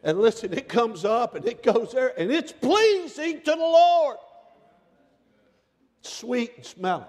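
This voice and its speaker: A middle-aged man preaching a sermon in a church, swinging between shouted lines and hushed, almost whispered passages. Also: extremely high pitch, very animated, unhurried. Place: church sanctuary. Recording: long hall reverb.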